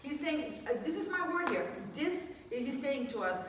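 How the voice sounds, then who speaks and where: A woman's voice: sits high, big pitch swings, measured pace, recorded from a distance, slight background noise. A woman preacher giving a chatty, earnest sermon, full of fillers and restarts. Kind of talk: conversational sermon. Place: church. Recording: echoey church hall from afar.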